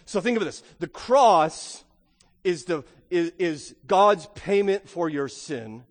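High-voiced man preaching in a reverberant hall. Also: lively intonation, slow pace. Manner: emphatic, rhetorical questions, frequent "right?". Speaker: pastor. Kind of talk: Easter sermon preaching.

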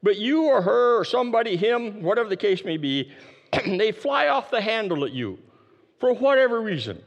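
A man preaching a sermon, emphatic and repeating his key phrases, dropping his voice low to stress a point. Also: very animated, moderate pace, in a large hall. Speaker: pastor.

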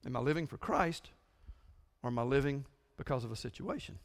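A middle-aged man preaching a sermon to his congregation as their pastor, earnest and confessional, urging a quiet crowd to wake up. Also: mid-range voice, brisk. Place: church sanctuary.

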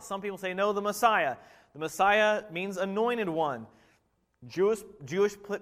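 A man preaching a sermon, animated and full of rhetorical questions, dropping to a hush and rising again. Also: high-pitched. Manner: animated, rhetorical questions, swings between loud and hushed. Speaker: pastor. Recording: reverberant hall.

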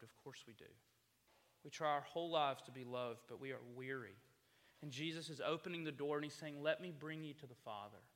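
Male pastor, sermon delivery, impassioned rhetorical questions; bright voice, long hall reverb. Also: mid-range voice.

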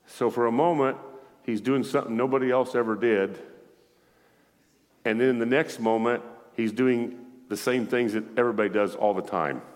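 A man preaching a sermon in a lively way, calling out to his congregation as he reads and explains scripture. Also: mid-range voice, normal speed, long pauses. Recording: echoey hall with long reverb.

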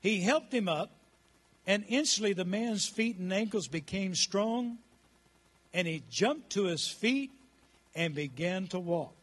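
A man's voice: sits high, lively intonation, measured pace, fairly bright tone. A man in his sixties preaching a rousing sermon in church and calling on the congregation to answer back. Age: 60s. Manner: rousing, calls the congregation to respond. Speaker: pastor.

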